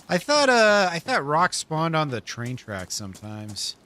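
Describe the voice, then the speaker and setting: A man's voice: on the high side, huge pitch swings, measured pace, sharp tone, slight background noise. A man live-streaming a survival game, chatting casually with his viewers, laid-back, laughing often and swearing freely.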